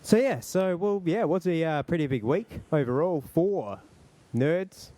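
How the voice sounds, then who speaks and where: Guy cohosting a podcast, kinda higher voice, rambles and jokes, swears a lot. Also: animated, unhurried, dark tone, dry recording. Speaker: podcast co-host. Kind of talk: casual chat.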